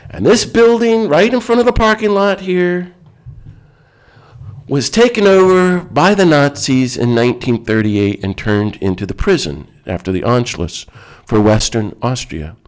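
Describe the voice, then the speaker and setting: A man's voice: a little high, expressive, unhurried. A man giving a reflective talk in an earnest, emphatic way.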